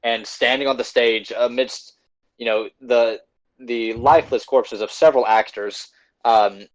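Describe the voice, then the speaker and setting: A man's voice: mid-range voice, steady tone, unhurried, poor audio. A man acting as game master, narrating the scene loosely with many fillers.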